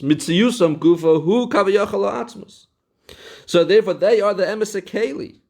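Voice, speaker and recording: A man teaching a Torah text lesson. He reads Hebrew passages aloud, then explains them in English mixed with Hebrew and Yiddish terms, repeating key phrases for emphasis. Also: fairly high pitch. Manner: repeats phrases for emphasis, with sing-song study cadence. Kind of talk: Talmudic-style text lesson.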